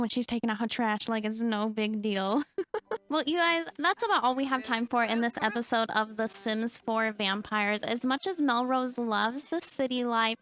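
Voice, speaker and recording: A woman hosting a gaming video, narrating her game excitedly and addressing her viewers. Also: fairly high pitch. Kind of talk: game commentary.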